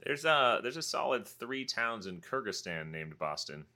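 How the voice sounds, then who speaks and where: A man co-hosting a podcast who chats casually and jokes in a deadpan way. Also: mid-range voice, normal speed. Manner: deadpan joker. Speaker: podcast co-host. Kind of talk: casual chat.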